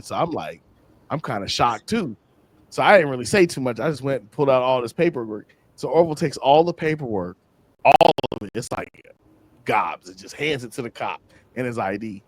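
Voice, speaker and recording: A man being interviewed, telling casual stories in a slangy, animated way and acting out other people's lines. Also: mid-range voice, a little fast, slight background noise. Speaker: interview guest. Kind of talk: casual storytelling.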